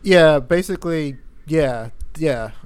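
A man's voice: fairly high pitch, takes it slowly, clear, resonant tone. A man in casual conversation, retelling a story in a laid-back, profane way. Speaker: podcast co-host. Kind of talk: casual chat.

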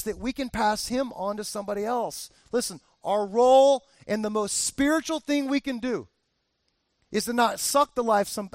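A man's voice: very high-pitched, dry recording, studio quality. A man preaching a sermon as a pastor, talking candidly and conversationally with frequent restarts.

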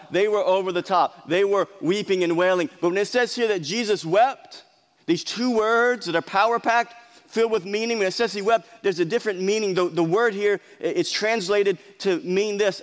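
Earnest man preaching in a reverberant hall. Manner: earnest, repeats words and restarts, often drops low and quiet. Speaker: pastor. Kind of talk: sermon.

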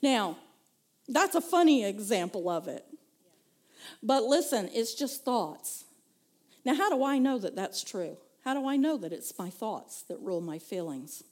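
A woman's voice: fairly high pitch, sing-song, unhurried, darkish tone. A woman pastor, preaching a conversational sermon, telling stories and laughing often. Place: church.

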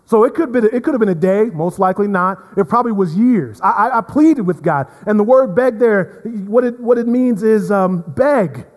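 A man preaching a sermon as pastor, earnest, repeating words and swinging from emphatic to hushed. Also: high-pitched, expressive, moderate pace, hardly any pauses. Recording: long reverb of a hall.

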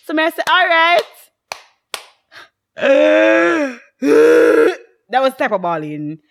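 A young woman, co-hosting a casual chat podcast and telling stories in an animated way, laughing often. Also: sits high, drawn-out words, creaky. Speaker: podcast co-host.

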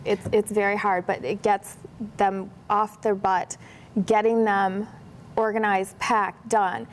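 A woman's voice: mid-range voice, slow pace, slight background noise. A woman, a professional organizer, telling stories in a casual interview and acting out the dialogue in a livelier voice. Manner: animated, acts out dialogue in a brighter voice.

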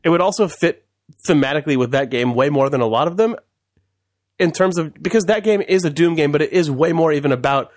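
Man, podcast co-host, slightly high voice, rambling, excitable, laughs a lot, dry studio sound. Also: quick pace, no room sound. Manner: rambling and excitable, laughs often and swears casually. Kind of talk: casual chat.

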